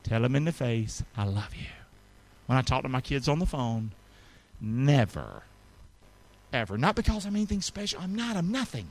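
A middle-aged male pastor preaching a sermon to his congregation, calling for responses and swinging between loud peaks and soft asides. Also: medium pitch, big pitch swings, normal speed. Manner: call-and-response preaching, rising to shouts then dropping soft. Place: church sanctuary with congregation.

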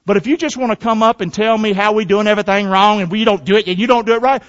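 A middle-aged pastor delivers a sermon in a high-pitched male voice, drawing the congregation in with questions and calls for agreement. The recording sounds muffled and lo-fi. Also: fairly even intonation, fast talker. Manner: call-and-response preaching with frequent "amen?".

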